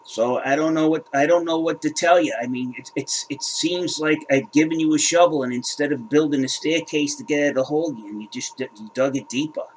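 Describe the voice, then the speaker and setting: A man's voice: on the high side, brisk, few pauses, slight background noise, rough recording. Agitated man ranting to his channel. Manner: agitated, repeats and restarts words. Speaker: crypto channel host. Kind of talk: heated casual rant to camera.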